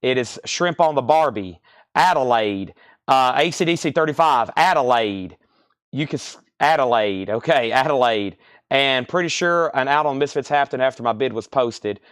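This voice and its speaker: A man running a live online record sale, calling out bids, buyers and prices in a rapid, repetitive patter. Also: medium pitch, animated, a bit bright, clear, resonant tone, dry recording, studio quality. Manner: rapid-fire, repetitive calls of sales and prices. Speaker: live-stream record seller.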